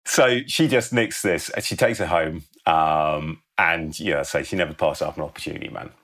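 Deep-voiced man telling a story animatedly. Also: moderate pace. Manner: animated storyteller, swears freely, acts out characters' lines. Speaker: podcast co-host pitching a film story. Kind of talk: casual comedic chat.

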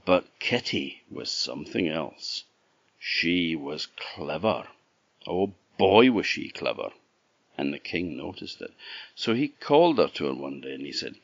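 Gravelly Orkney Scottish storyteller. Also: male voice, extremely low pitch, sing-song, unhurried, dull audio. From Orkney, Scotland. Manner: chatty, asides to the listener. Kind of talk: folk tale storytelling.

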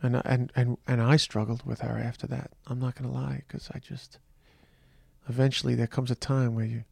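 A tired middle-aged man talks through a personal monologue in a slow, halting way, often trailing off and restarting. His voice has a gravelly fry at a medium pitch. The recording is dry and close, with no room sound. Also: little pitch movement, a little mellow, no room sound. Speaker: podcast host.

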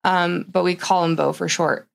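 Female co-founder guest, 30s, gravelly low-end fry, casual chatter. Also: fairly even intonation, normal speed. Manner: chatty, lots of "like" fillers, acts out her own past talk. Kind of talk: casual podcast chat.

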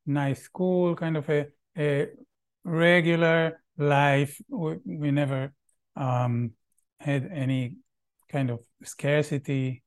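A man from Israel speaks slowly, in a fairly high voice. He talks in a halting way, repeating words as he searches for what to say. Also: steady tone, clean tone. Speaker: guest. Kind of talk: casual conversation.

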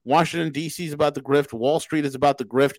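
A man's voice: on the high side, fairly even intonation, fast, darkish tone, no echo. A man hosting a podcast in a casual political rant, emphatic and repetitive, often restarting mid-sentence. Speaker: podcast host.

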